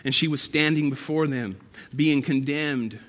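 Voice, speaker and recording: A man preaching a sermon in a church, emphatic and building to loud, passionate peaks. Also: a little high, a little slow. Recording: long hall reverb.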